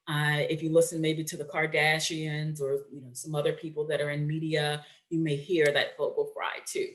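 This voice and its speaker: A woman's voice: on the low side, a bit bright. A woman presenting a webinar in a conversational way, often checking in with listeners and using fillers.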